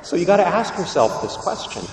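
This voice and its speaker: A man preaching a sermon as a priest, animated and acting out the voices he quotes. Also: sits high, a little fast, crowd noise. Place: large church. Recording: echoey church heard from a distance.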